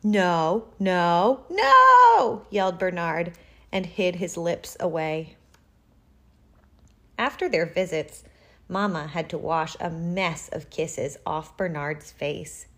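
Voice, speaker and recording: A woman reading a picture book aloud to children in a deliberate, expressive way. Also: on the low side. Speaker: reader.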